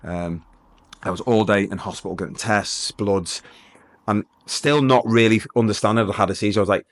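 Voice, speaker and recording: A man's voice: on the low side, normal speed. A middle-aged man, a police sergeant telling his story in a casual interview, acting out the dialogue. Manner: lively anecdotal, acts out dialogue.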